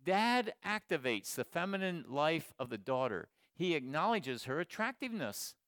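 A man in his sixties giving a sermon to men, swinging from loud exhortation to quiet storytelling. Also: on the high side, big pitch swings, moderate pace, no room sound, studio quality. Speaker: speaker at a men's gathering.

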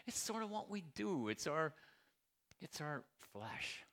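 A man's voice: on the high side, very animated, measured pace, fairly bright tone. A man preaching a sermon as pastor, talking to his congregation with rhetorical questions and emphatic repetition.

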